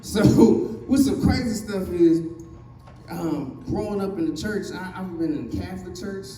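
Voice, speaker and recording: A man's voice: high-pitched, unhurried, warm tone, reverberant, distant mic. A man from Virginia with a Southern accent, doing a stand-up comedy set with a loose, rambling delivery full of fillers. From Virginia, USA. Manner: loose, rambling delivery with many fillers, acting out other people's voices.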